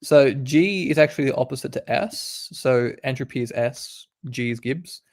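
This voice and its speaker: A man's voice: medium pitch, moderate pace. A young man, a medical student, reading quiz questions aloud and explaining the answers in a laid-back, casual way. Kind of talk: casual quiz study session.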